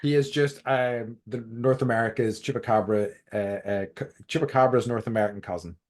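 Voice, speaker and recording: A man's voice: medium pitch, fairly even intonation, brisk, darkish tone. An Irish man co-hosting a podcast, rambling with many restarts and fillers in casual chat. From Ireland. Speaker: podcast co-host.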